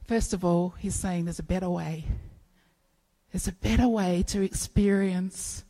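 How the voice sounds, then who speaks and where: A woman preaching a sermon, telling stories in an animated way and acting out playful bits of dialogue. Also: lowish voice, measured pace, low-quality recording.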